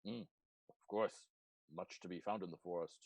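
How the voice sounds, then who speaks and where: A man's voice: deep voice, wildly swooping pitch, normal speed, vocal fry, a little mellow, dry recording, full character voice. A man voicing a formal, eloquent man cursed into a seal's form, speaking in stiff, courtly phrases during a tabletop game. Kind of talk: tabletop role-play voice.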